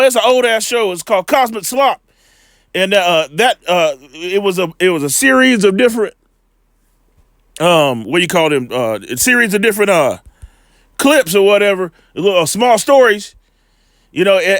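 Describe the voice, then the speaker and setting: A man giving a loose, slangy scripture lesson, full of fillers and repeated "all right", slowing down when he reads the verses. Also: high voice, fairly bright tone, no echo, clean studio sound. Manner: reads scripture slowly and deliberately. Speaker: bible teacher.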